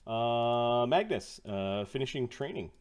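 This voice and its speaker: A man narrating as game master in a relaxed, hesitant way with many fillers. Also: medium pitch, slow pace, clean tone.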